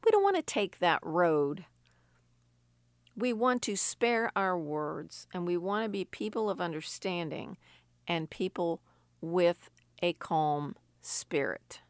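Here, a woman who grew up in Sicily delivers a heartfelt devotional talk and reads from scripture. Her voice sits on the low side and she's very animated, though she speaks slowly, and there's no room sound at all.

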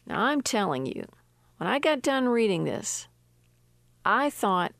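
A woman's voice: mid-range voice, sing-song, measured pace, vocal fry, a bit bright, no room sound, studio quality. An older woman with an earnest, emphatic manner, reading scripture and giving a personal devotional testimony. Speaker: devotional speaker.

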